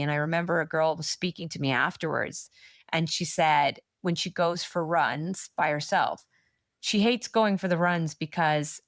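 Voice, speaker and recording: A woman, a manifestation coach speaking as a podcast guest, telling stories in a lively, blunt and encouraging way with lots of "like". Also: lowish voice, no echo, studio quality. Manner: animated storyteller, quick asides with frequent "like". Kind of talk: casual podcast interview chat.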